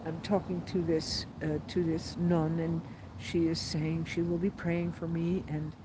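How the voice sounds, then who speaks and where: A woman's voice: fairly low pitch, level tone, a little slow, noisy background. A woman telling a personal diary vlog as a pilgrim, earnest and rambling, with many fillers and restarts. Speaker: pilgrim vlogger.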